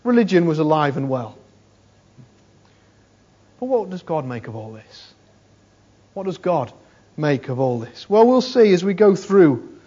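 A man's voice: a little high, very animated, a little slow, pauses often, dark tone, slightly rough. A man preaching a conversational sermon, repeating phrases for emphasis and often saying "you know". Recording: dull lo-fi sermon recording.

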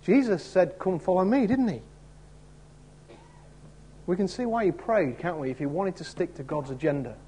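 A man's voice: sits high, lively intonation, moderate pace, long pauses, mellow, slight background noise. A man preaching an expository sermon in a conversational way, often turning statements into questions for his listeners. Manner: conversational, asks listeners rhetorical tag questions; acts out quoted voices in the story.

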